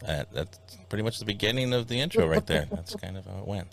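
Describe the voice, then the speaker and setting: A man's voice: lowish voice, animated, quick pace, vocal fry. A man hosting a comedy podcast, joking and rambling with restarts. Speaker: podcast host. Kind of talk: casual comedy podcast chat.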